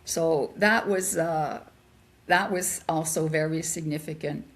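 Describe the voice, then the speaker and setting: Speaking slowly in a low voice, an older woman being interviewed shares a personal story. She's animated and performs the voices of the people she quotes.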